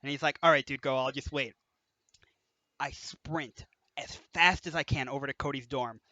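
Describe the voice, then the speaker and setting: A young man hosting a casual podcast, telling animated stories, laughing and swearing freely as he talks. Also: mid-range voice, moderate pace, dry recording, lo-fi sound. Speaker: podcast host. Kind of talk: casual storytelling chat.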